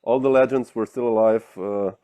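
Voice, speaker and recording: A man hosting an interview, asking questions in a halting way with restarts. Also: mid-range voice, fairly even intonation, clear, resonant tone, phone-quality sound. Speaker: interview host.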